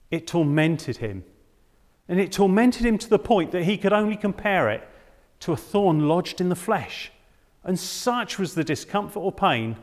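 Male preacher with a dramatic, emphatic sermon style and a somewhat high voice, recorded in a hall with long reverb. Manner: dramatic, emphatic, with rhetorical questions.

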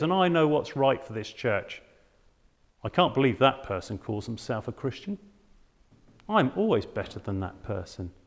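A preacher doing a smug churchgoer. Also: male voice, on the high side, long reverb tail. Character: smug, self-righteous male churchgoer.

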